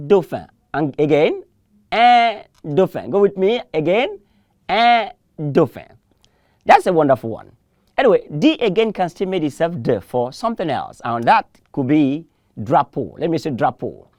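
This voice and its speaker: Lively, low-voiced teacher drilling pronunciation. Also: female voice, studio quality. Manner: patient drilling, repeats words for learners to echo; encouraging, gently corrects mispronunciations. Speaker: French teacher. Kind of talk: televised language lesson.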